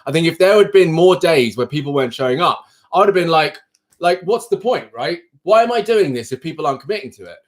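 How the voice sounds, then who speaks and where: A man who coaches people, hosting a live stream and frankly ranting straight to his viewers in casual chat. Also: a little high.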